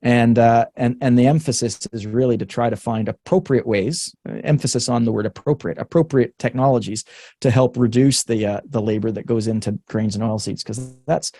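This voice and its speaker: A man's voice: mid-range voice, steady tone, a little fast, mellow, no room sound. A Canadian man, a researcher guest in a webinar conversation, talking frankly and thinking aloud with many restarts and the odd laugh. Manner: laughs between points.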